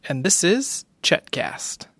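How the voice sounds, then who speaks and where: Low-voiced mom in her thirties doing a home podcast, gentle and encouraging, teacher vibe. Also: sing-song, slow pace. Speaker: podcast host and homeschooling mother. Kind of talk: casual family podcast chat.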